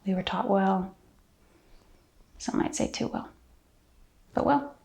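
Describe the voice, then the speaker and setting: A gravelly, sardonic killer. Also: female voice, mid-range voice, slow pace, a little mellow. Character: cold, sardonic female snuff filmmaker. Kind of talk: film acting.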